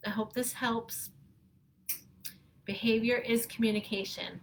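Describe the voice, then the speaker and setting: A woman parent coach giving earnest, gentle advice in a live video talk, with many pauses. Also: on the high side, steady tone, creaky, slight background noise.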